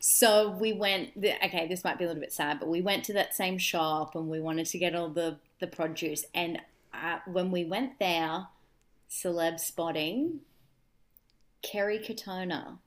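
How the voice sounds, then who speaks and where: An Australian woman in her thirties hosting a podcast, telling travel stories in casual chat with deadpan asides. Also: lowish voice, unhurried. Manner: chatty storyteller with deadpan asides. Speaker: podcast host.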